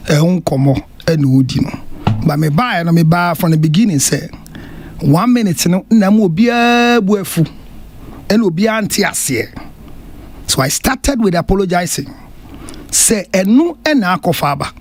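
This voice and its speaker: A man's voice: sits high, animated, moderate pace. A Ghanaian man on a radio panel, insistently defending his remarks and switching between English and Twi. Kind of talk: heated radio panel talk. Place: radio studio.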